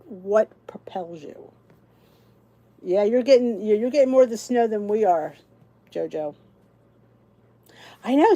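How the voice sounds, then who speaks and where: Mellow, chatty middle-aged woman host. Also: mid-range voice. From New Jersey, USA. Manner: chatty, answers viewers by name, laughs often. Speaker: channel host. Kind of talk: casual livestream chat.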